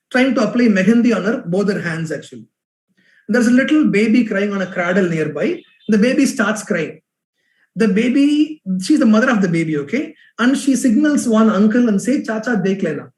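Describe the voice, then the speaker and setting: A man with a high, light voice leads an online workshop on business storytelling. He talks in an animated way and doubles up words for emphasis. His voice rings around an echoey room.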